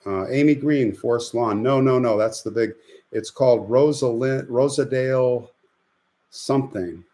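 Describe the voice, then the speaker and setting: A middle-aged man hosting a live stream, telling a rambling, animated anecdote in a casual chat style. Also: mid-range voice, a little slow. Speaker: host.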